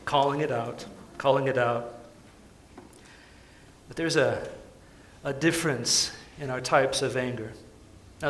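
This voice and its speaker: A man preaching a sermon, moving between soft, pleading tenderness and loud, urgent calls. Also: medium pitch, roomy sound, slight background noise. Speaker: pastor.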